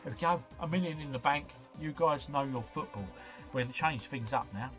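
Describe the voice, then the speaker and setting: A man's voice: mid-range voice, brisk, over music. A middle-aged man hosting a live stream, chatting matily with viewers and reading out their comments. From United Kingdom. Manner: chatty, matey, reads and answers chat comments. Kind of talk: casual live-stream chat. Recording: dull lo-fi stream mic.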